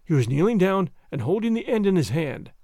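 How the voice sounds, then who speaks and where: A man reading a story aloud as narrator, expressive and dramatic. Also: high voice, fairly quick, dry recording, clean studio sound. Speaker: audiobook reader.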